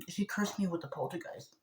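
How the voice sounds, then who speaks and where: Agitated woman rambling in a roomy echo. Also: a little hiss or hum. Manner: agitated, swings between low murmur and loud outbursts. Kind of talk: rambling personal monologue to camera.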